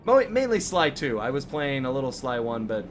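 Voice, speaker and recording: A man's voice: medium pitch, sing-song, moderate pace, faint music behind. A man hosting a casual gaming stream, chatting easily with friends and laughing often. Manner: laid-back, laughs often. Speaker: streamer and host. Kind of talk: casual chat while gaming.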